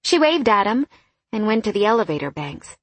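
A woman narrating a novel in a steady, scripted reading style on a close studio mic. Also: medium pitch, brisk, no echo. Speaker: audiobook narrator.

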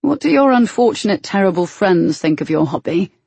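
A woman reading an audiobook, voicing a brooding man who runs a warehouse, in a low, clipped, teasing way. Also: big pitch swings, a little fast, gravelly, darkish tone, slightly rough, no room sound, heavily acted. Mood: wry.

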